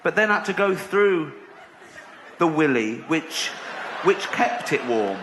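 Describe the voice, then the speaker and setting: Brief: middle-aged English male comic, slightly high voice, self-mocking rambling, roomy live recording. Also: big pitch swings, slow, noisy background. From England. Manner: rambling, self-deprecating, breaking into laughter. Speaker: stand-up comedian. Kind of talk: stand-up comedy routine. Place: theater stage with audience.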